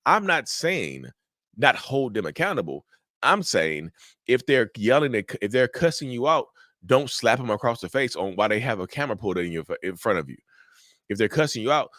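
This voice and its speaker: A man's voice: mid-range voice, a bit bright, no echo, clean studio sound. A man hosting a mental health channel, giving casual, repetitive advice straight to viewers. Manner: direct, repetitive, addresses viewers as y'all.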